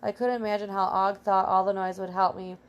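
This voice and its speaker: A woman's voice: mid-range voice, brisk, lo-fi sound, natural voice. A woman reading as a small brave male pet hamster, telling his adventure in first person. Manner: earnest, excitable first-person storytelling.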